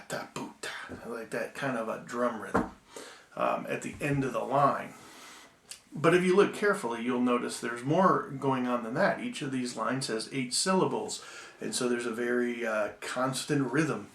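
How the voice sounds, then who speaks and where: A man giving a recorded Bible-school lecture, measured and full of ums and restarts, slowing down to read poems aloud. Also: medium pitch, fairly bright tone, reverberant.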